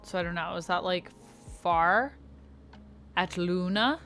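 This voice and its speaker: Chatty woman with a low voice. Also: slow, a bit bright. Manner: chatty, reads out and thanks viewers. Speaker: livestreamer. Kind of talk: casual livestream chat while coloring. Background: faint background music.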